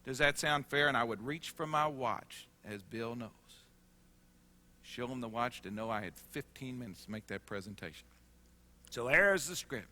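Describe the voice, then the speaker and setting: A man giving a storytelling sales presentation, acting out dialogue and dropping soft and quiet for emotional moments. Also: medium pitch, lively intonation, moderate pace, long reverb tail. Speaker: sales trainer.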